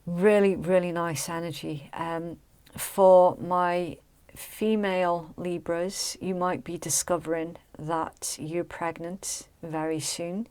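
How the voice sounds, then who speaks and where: A woman's voice: on the low side, darkish tone. A woman giving a casual, chatty tarot reading, often checking in with "okay?" and "right?". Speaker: tarot reader.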